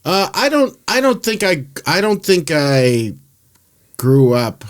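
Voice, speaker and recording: A young man hosting a podcast, chatting casually and telling animated stories with frequent laughter. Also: fairly high pitch, takes it slowly. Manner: animated storyteller, laughs often. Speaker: podcast host. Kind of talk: casual chat.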